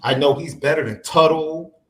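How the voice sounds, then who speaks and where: A man's voice: a little high, moderate pace. A man co-hosting a sports podcast in casual chat, emphatic and repeating his points. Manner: animated, emphatic repetition. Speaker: podcast co-host.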